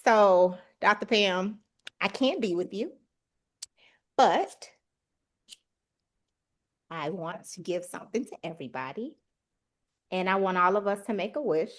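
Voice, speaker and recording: A woman telling a story in a casual chat on a video call, animated and emphatic, acting out the voices of people she quotes. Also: medium pitch, measured pace, long pauses. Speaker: guest sharing her exam success.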